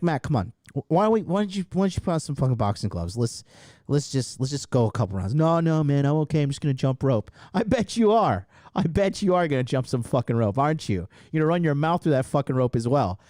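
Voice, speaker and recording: A man's voice: mid-range voice, darkish tone, no echo, studio quality. A male podcast host telling a story with heavy swearing, in a profane and emphatic way. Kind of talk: reaction commentary.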